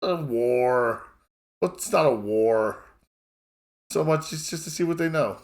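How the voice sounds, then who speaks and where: A man's voice: mid-range voice, takes it slowly. Guy in a tabletop session, jokey, messing with the others. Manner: teasing, playful. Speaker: tabletop player. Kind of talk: in-character tabletop roleplay.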